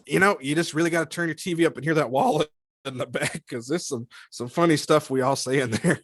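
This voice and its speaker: A man being interviewed about his voice work, talking in a lively, animated way, laughing often and slipping into character voices. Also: a little high, fairly quick, no echo, studio quality. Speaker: voice actor guest. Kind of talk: casual interview chat.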